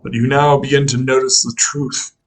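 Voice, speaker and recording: A man's voice: mid-range voice, flat delivery, normal speed, slightly rough, rough recording. A man running a tabletop game as game master, talking in a laid-back, loose way.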